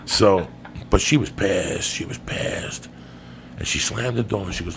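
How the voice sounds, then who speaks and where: A man's voice: fairly low pitch, animated, moderate pace, vocal fry, slight background noise. A man, a comedian and podcast host, telling a long profane story in a rambling, loose way.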